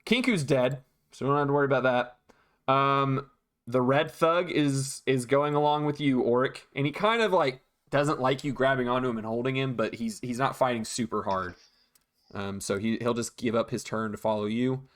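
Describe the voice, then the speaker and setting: Male game master, mid-pitch, relaxed narration full of ums and restarts. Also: normal speed. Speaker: dungeon master.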